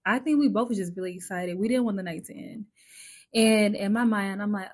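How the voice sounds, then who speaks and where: A woman's voice: medium pitch, fairly quick. Chatty woman telling a personal story. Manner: candid and chatty, heavy use of "like" fillers; swearing, expressive storytelling. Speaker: vlogger. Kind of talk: casual storytime monologue.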